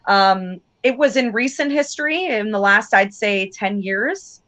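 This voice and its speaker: A woman's voice: medium pitch, animated, unhurried, a bit bright. A woman guest on a casual livestream who rambles, loses her train of thought and says "like" a lot.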